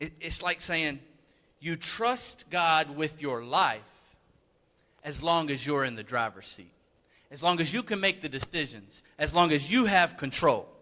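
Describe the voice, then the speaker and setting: A man preaching a sermon with a high, bright, forceful voice. He speaks earnestly and conversationally, doubling back on words to drive a point home. His voice carries the long reverb of a church hall. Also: animated, unhurried. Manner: earnest, emphatic, conversational, repeats words for stress. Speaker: pastor. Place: church sanctuary.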